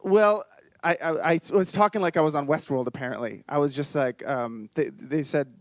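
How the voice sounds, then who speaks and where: Man co-hosting live comedy show, high lively voice, sheepish self-mocking, dry close sound. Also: normal speed, dry recording. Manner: sheepish, self-deprecating storytelling. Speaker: comedy podcast co-host. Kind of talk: live comedy podcast banter. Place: live theater stage with audience.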